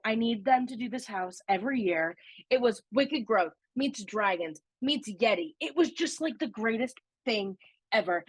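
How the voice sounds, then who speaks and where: A woman co-hosting a podcast, gushing and excitable as she tells stories in casual chat. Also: on the high side, slightly rough, no echo. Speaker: podcast co-host.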